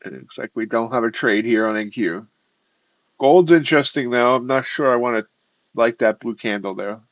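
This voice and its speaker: Man, mid-pitched, dry close sound; thinks aloud while trading live, wry and offhand. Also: steady tone, moderate pace, dry recording, highs cut off. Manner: muttered self-talk over charts, wry asides. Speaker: futures trading streamer.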